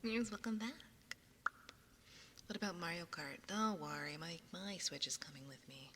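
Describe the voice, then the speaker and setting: A young woman chatting casually with her stream viewers, often dropping into a soft whisper, recorded on a binaural ASMR microphone. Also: fairly low pitch, expressive, moderate pace, big-room sound, slight background noise.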